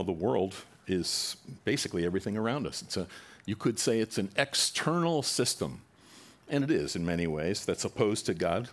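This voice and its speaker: A man preaching a sermon to his congregation in a conversational way, now and then acting out quoted voices with rising animation. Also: low voice. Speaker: pastor.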